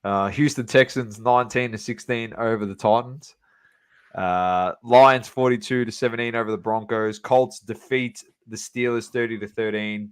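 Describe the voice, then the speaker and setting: A man co-hosting a sports podcast, running through scores casually with plenty of fillers and banter. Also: fairly low pitch. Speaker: podcast co-host.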